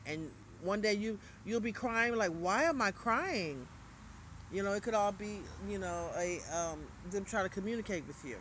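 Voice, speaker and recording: Woman livestream host, loose and rambling spiritual-advice chatter, sharp bright tone, faint street noise. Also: mid-range voice, animated, normal speed. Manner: chatty and loose, trailing off and restarting. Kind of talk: casual livestream chat reading viewer comments.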